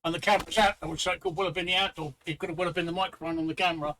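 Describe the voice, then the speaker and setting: Male stream host, high bright voice, repeats himself. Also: steady tone, rapid-fire, a little hiss or hum, low-quality recording. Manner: chatty, teasing, repeats himself. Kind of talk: casual live-stream chat.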